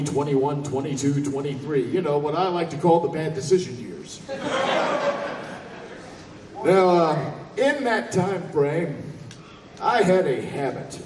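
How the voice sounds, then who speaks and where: Animated man telling a story on stage. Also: a little high, a little hiss or hum. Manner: animated, profane, laughing. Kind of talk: stand-up storytelling. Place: convention hall. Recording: echoey hall from far off.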